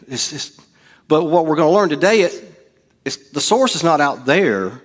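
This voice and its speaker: In church, a pastor preaches in a casual, joking, conversational way, acting out quotes as he goes. His fairly high voice is animated, and his pace is moderate.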